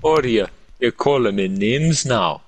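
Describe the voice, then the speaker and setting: A man's voice: medium pitch, expressive, a little slow, no room sound, rough recording. Brash young man with a put-on Irish accent. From Australia. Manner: brash, heavy swearing, mock-aggressive banter. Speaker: gaming streamer. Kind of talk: casual gaming chat.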